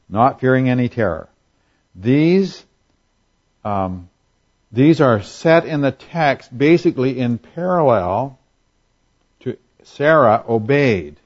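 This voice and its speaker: A man's voice: mid-range voice, darkish tone. Guy preaching, casual and chatty, lots of "right?" asides, muffled lo-fi audio. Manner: conversational, asks the congregation rhetorical questions; acts out quotes in voices for humor. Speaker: pastor. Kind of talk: sermon.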